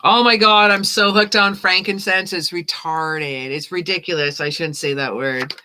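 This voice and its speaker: A woman's voice: lowish voice, fairly even intonation, moderate pace, pushed and bright, clear, resonant tone. A woman giving live-stream tarot readings, chatting casually with viewers, thanking them by name and laughing often. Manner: chatty, reads chat names aloud, laughs often. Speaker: tarot reader.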